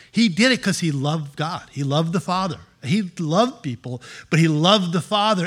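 Man, pastor, sermon, animated preaching, slightly high voice.

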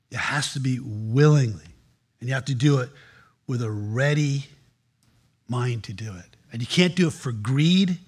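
A man preaching a sermon as pastor, animated, acting out quoted voices with shifts of tone. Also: medium pitch, breathy edge.

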